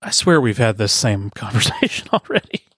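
A man's voice: fairly low pitch, sing-song, normal speed, fairly bright tone, husky, no room sound. Curious man, dry close voice. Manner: curious, asks many questions. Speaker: podcast co-host. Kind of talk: casual chat.

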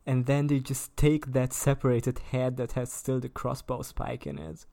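A male podcast guest chatting about a movie, hesitant and halting. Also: mid-range voice, little pitch movement, vocal fry, warm tone. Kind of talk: casual movie chat.

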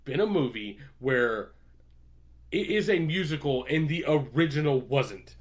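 A man with a slightly high voice chatting casually on a podcast. He talks in an animated way, swears freely and laughs often. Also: moderate pace. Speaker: podcast co-host. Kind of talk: casual chat.

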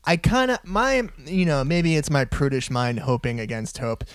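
Casting: animated, joking man, a little high-pitched, dry close sound. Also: normal speed, clean tone, no room sound. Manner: joking, crude, playful. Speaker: podcast co-host. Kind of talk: casual chat.

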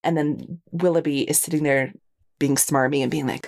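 A woman's voice: low voice, fairly even intonation, moderate pace. A woman co-hosting a literary podcast, chatting enthusiastically about a novel and laughing often. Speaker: podcast co-host. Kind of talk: casual literary discussion.

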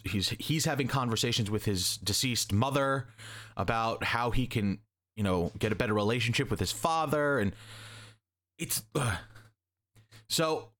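A man's voice: mid-range voice, fairly bright tone. Young guy rambling thru a comic plot, jokey, does little voices. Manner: rambling, jokey, acts out characters' lines. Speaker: podcast co-host recapping a comic. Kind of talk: casual chat.

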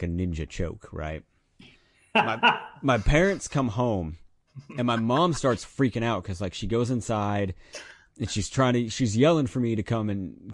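Lively storytelling man with a low voice. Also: dry recording, clean studio sound. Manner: animated storyteller, acts out his younger self in loud high bursts. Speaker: podcast co-host telling a childhood story. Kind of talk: casual chat.

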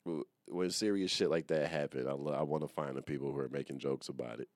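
A man's voice: a bass voice, steady tone, fast, darkish tone, no room sound, clean studio sound. A young man hosting a casual solo podcast, rambling, swearing freely and mocking himself. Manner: rambling, profane and self-mocking. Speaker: podcast host.

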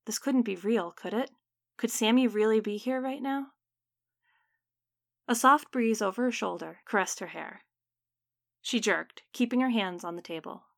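A woman reading a story aloud in measured, dramatic audiobook narration. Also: fairly high pitch, gravelly, fairly bright tone, dry recording, clean studio sound.

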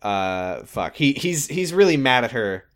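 A man's voice: medium pitch, big pitch swings, measured pace, fairly bright tone. A man co-hosting a podcast, recapping a TV episode in casual chat, rambling and swearing, laughing often. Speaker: podcast co-host.

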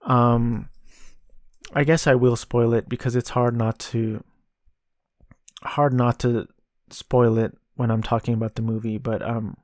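A man's voice: medium pitch, little pitch movement, unhurried, long pauses, a little mellow, dry recording, clean studio sound. A man hosting a podcast, casually reviewing a film with frequent ums and restarts. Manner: hesitant, many ums and restarts. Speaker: podcast host.

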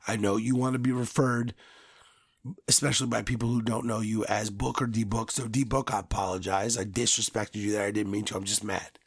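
A man hosting a podcast, delivering a loud, profane, angry sports rant. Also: fairly low pitch, fairly even intonation, fairly quick, breathy edge, no echo, studio quality. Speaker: podcast host.

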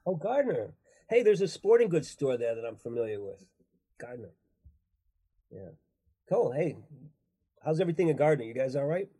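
A man chatting casually as a comedian guest, animated and laughing often between silly bits. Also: on the high side, normal speed, pauses often, slightly rough. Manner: animated, laughs a lot, jumps into silly voices.

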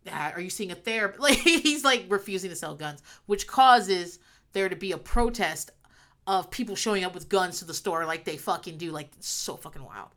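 A young woman talks through her favorite sitcom moments in loose, rambling chat. Her voice is bright and forward, and she slips into quick acted-out lines for the characters. She laughs often and loses her track, then picks it back up. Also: fairly low pitch, lively intonation. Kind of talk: casual chat recapping a sitcom.

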